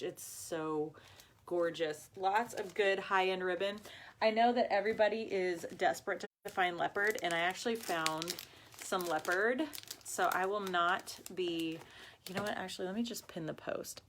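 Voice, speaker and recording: A woman's voice: on the low side, a bit bright. A woman hosts a live crafting video and chats with viewers as if they were friends. She is bubbly and talkative and laughs often. She reacts to comments as they come in. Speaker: host of a live craft and ribbon shop video. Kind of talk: chatty livestream talk to viewers.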